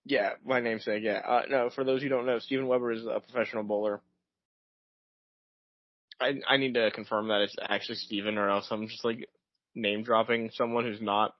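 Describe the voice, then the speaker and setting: A man's voice: on the low side, level tone, a little fast, dry recording. A young man co-hosting a podcast, chatting casually in a rambling way full of tangents and fillers. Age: young adult. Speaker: podcast co-host. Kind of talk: casual chat. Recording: dull dry lo-fi audio.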